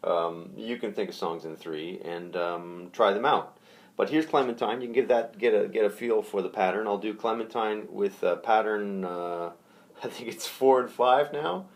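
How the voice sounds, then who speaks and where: A man teaching ukulele patterns in a relaxed, hesitant way, counting the beats aloud. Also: lowish voice, moderate pace. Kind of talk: casual music lesson. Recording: ukulele music under the voice. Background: ukulele playing.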